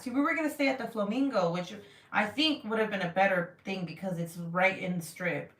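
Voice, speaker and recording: A young woman livestreams a story from home in loose, casual talk. She is animated, laughs a lot and swears freely, and her voice sits at an ordinary middle pitch. The mic is set back, so her voice sounds distant with a roomy echo. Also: normal speed. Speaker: vlogger reading live chat.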